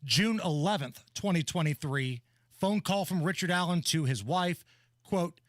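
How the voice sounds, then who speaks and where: High-voiced male radio co-host. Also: a little slow, dry recording, studio quality. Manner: methodical, reads details in order. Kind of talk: news rundown on talk radio. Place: radio studio. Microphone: studio microphone.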